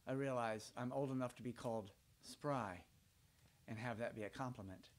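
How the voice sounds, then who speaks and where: A man's voice: mid-range voice, moderate pace, slight background noise. An older man from Georgia with a Southern accent, telling playful stories to children by his fireplace at home. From Georgia, USA. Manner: chatty, playful, rambling. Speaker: storyteller. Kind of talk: folksy storytelling for children.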